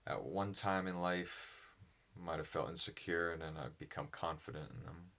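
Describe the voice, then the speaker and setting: Deep-voiced man musing alone, halting and thoughtful, slow reflective delivery. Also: steady tone, creaky, a bit bright. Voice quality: low voice. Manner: halting, thoughtful, with pauses and restarts. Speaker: solo speaker on personality psychology.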